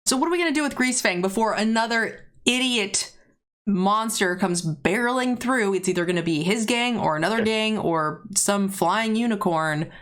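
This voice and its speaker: A woman playing a tabletop game, taking charge briskly to steer the group's planning. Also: medium pitch, a bit bright. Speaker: player. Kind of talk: casual tabletop play.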